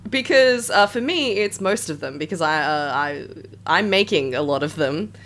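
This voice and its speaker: A woman co-hosting a casual podcast, very loud and excitable, breaking into shrieking laughter and swearing freely. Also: low-pitched, moderate pace. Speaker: podcast co-host. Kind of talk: casual chat.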